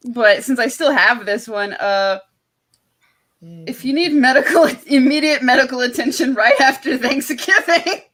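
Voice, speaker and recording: A woman's voice: high voice, a little slow, fairly bright tone. A woman hosting a casual livestream chat, laughing often and swearing freely. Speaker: streamer host.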